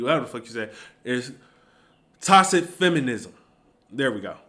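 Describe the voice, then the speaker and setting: A man's voice: a little high, a bit bright. A man giving a heated, emphatic opinion rant to camera, repeating his points for emphasis. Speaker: commentary vlogger.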